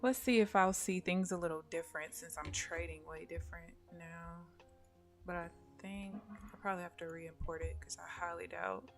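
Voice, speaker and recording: A woman's voice: on the low side, moderate pace, faint music behind. A woman day trader talking casually and thinking aloud during a live stream from home. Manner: relaxed, rambling, thinking aloud.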